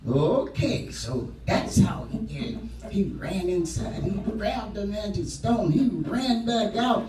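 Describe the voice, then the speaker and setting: A male storyteller leads children through a tale with an animated, swooping voice, pulling them into call-and-response. He speaks slowly and sits a bit high in pitch. The voice echoes in a room from a distance, with music behind.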